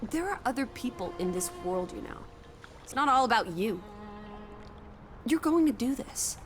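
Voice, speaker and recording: An actress playing a spirited, stubborn young woman who talks in a brisk, teasing, insistent way. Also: fairly high pitch, expressive, natural voice. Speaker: game character. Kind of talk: game voice acting. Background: game music.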